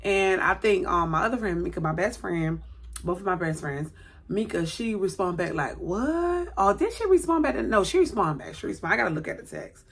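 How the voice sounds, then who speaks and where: Gravelly-voiced woman telling a personal story. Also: on the low side, expressive, brisk. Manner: chatty, rambling, self-correcting. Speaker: vlogger. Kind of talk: casual storytelling to camera.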